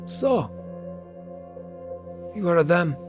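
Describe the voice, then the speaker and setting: A man voicing an elderly Russian woman with a put-on Russian accent and a slow, heavy, gangster-like delivery. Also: high voice, sing-song, soft background music, pitched above the performer's own voice, heavily acted. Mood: guarded. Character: elderly Russian woman, stern leader type.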